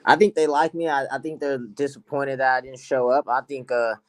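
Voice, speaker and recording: A brash man swaggers through casual podcast chat, trash-talking with lots of profanity. His voice sits at an ordinary middle pitch. The sound is dry and close, with almost no room around it. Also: fairly even intonation, brisk, no echo. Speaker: guest pro fighter.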